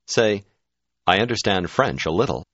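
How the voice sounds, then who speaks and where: Deep-voiced man narrating a language lesson. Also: lively intonation, fairly bright tone, no echo. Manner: clear, measured prompting. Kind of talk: scripted instructional narration. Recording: dull, dry studio audio.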